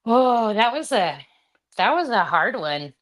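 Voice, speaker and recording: A woman's voice: fairly high pitch, sing-song, slow pace, fairly bright tone. A woman leading a live home workout class, counting reps and cueing breaths in a chatty way, with asides to her dog. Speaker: fitness instructor.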